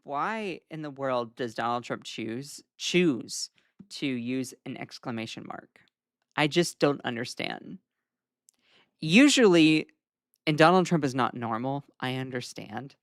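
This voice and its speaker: A man's voice: medium pitch, expressive, takes it slowly, clean tone, no room sound. Man, southern US accent, casual livestream news host, wry asides, lots of ums, dry close sound. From Southern United States. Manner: casual, chatty, frequent "um" fillers, wry asides.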